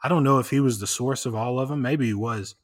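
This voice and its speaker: A man's voice: medium pitch, quick pace. Laid-back Southern country man. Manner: drawling, rambling, laid-back, swears casually. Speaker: podcast host. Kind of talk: casual podcast chat.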